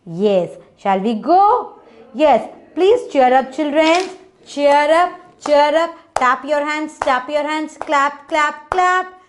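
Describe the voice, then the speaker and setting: Slow coaxing Indian-accented woman teacher. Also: on the high side. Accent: Indian English. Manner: slow, coaxing, repeats sounds. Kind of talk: children's phonics lesson.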